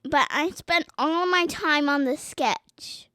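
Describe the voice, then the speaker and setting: A woman's voice: high-pitched, takes it slowly, sharp tone, no echo, clean studio sound. A young girl as a podcast guest, chatting casually and playfully, giggling and trying silly accents. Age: child. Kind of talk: casual chat. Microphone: podcast mic.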